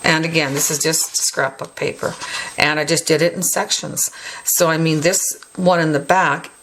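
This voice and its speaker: A woman hosting a craft tutorial, chatting casually as she shows her work and often adds a quick "right?". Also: low-pitched, little pitch movement, fairly bright tone, a little hiss or hum. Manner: chatty, tacks on "right?" tag questions. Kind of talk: casual show-and-tell tutorial.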